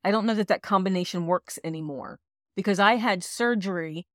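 A woman's voice: medium pitch, brisk, no echo, clean studio sound. A woman co-hosting a casual podcast, talking frankly and laughing often. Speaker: podcast co-host.

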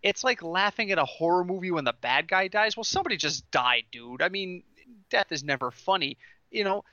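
Bright-voiced man telling sports stories. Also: high-pitched, brisk, no echo, dull audio. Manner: animated storytelling, laughing through his lines. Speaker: podcast co-host. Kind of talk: casual podcast chat.

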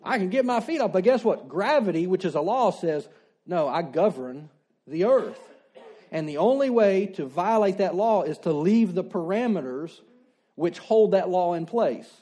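A man's voice: high voice, animated, normal speed, warm tone. A man preaching a sermon in a conversational way, asking rhetorical questions and repeating his key declarations. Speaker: pastor.

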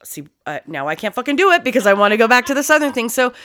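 A woman's voice: fairly high pitch, sing-song, rapid-fire, fairly bright tone. A woman co-hosting a podcast in casual, rambling, profane chat full of jokes. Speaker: podcast co-host.

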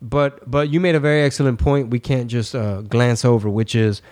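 Texan guy cohosting a podcast, bit stuffy and congested, slangy and loose, mid-pitched voice. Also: normal speed. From Texas. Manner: loose, slangy and animated, with many fillers. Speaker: podcast co-host. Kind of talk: casual political podcast banter.

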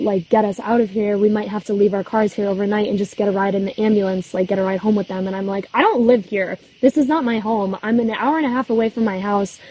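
A woman's voice: mid-range voice, dark tone, a little hiss or hum, poor audio. A young woman with a cold, telling a long personal story in a casual, chatty way and filling her talk with "like". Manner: chatty, heavy use of "like". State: has a cold, coughing. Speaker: podcast host.

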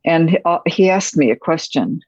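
A woman screenwriter reflecting on a film shoot, speaking softly and haltingly, with many pauses and restarts. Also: low voice, expressive, slightly rough, no room sound. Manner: soft-spoken, halting, with frequent pauses and restarts. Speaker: screenwriter guest. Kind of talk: reflective anecdotal storytelling. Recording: dull, muffled audio.

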